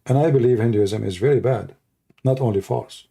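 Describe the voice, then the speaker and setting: A man with a mellow, darker voice hosting a livestream. He rants in a sarcastic, mocking tone, often slipping into jeering impressions of others. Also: medium pitch, moderate pace, vocal fry, husky. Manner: mocking, sarcastic, acts out opponents. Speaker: livestream debate host. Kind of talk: casual livestream rant.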